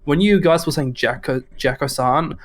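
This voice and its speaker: A young man co-hosting a podcast, telling stories and teasing his friend in animated casual chat. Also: on the high side, normal speed, noisy background. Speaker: podcast co-host.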